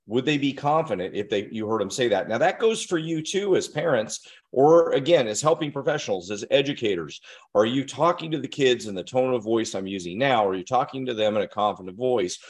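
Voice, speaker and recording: A man's voice: mid-range voice, lively intonation, a little fast. A man giving an earnest, direct instructional talk to parents and educators, often putting questions to his listeners.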